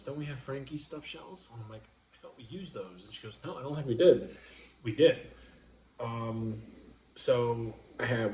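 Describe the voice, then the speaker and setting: A man from New York hosting a casual livestream chat, rambling and halting as he talks. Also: on the low side, a little mellow. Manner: rambling, halting, full of restarts. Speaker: livestream host. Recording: roomy room with faint noise.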